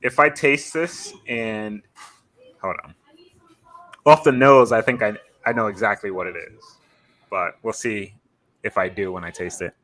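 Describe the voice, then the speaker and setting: Animated man exclaiming over whiskey. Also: on the low side, measured pace, long pauses. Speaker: guest taster. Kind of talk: casual chat.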